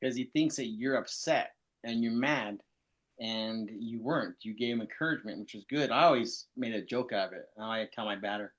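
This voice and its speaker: A man's voice: mid-range voice, moderate pace, lo-fi sound. A male coach chatting on a panel in an easygoing, joking way. He circles back and restarts his sentences as he talks. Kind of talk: casual chat.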